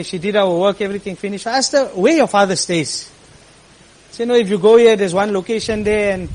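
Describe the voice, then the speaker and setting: Male storyteller, high pitch, lively delivery that acts out the dialogue. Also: rough recording. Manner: animated, quotes people in lively voices. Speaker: speaker telling a personal story. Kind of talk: storytelling talk to an audience.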